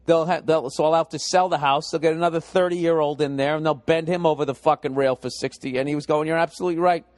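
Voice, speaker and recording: This middle-aged Boston comedian delivers a profane, exasperated rant fast and with few pauses, his somewhat high male voice fairly even in intonation and darkish in tone. The recording is close and dry, with almost no room sound.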